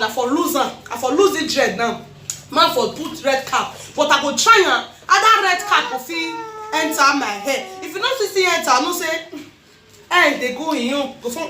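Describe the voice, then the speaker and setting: A woman speaking Nigerian Pidgin English, giving a lively birthday shout-out to camera with frequent laughter. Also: high voice, reverberant, slight background noise. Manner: animated, laughing often, rapid bursts. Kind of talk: excited casual monologue to camera.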